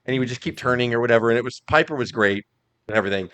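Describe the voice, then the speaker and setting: A man's voice: mid-range voice, rapid-fire, clean tone, no room sound. A man casually retelling stories as a podcast host, cursing freely. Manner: profane, animated storytelling. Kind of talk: casual chat.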